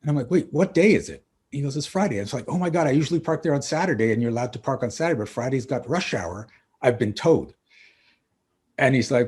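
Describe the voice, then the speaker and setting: A middle-aged man, a coach and author, guesting on a podcast and telling lively stories, acting out the dialogue. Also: mid-range voice, fast, husky. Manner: animated storyteller acting out dialogue. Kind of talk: casual interview storytelling.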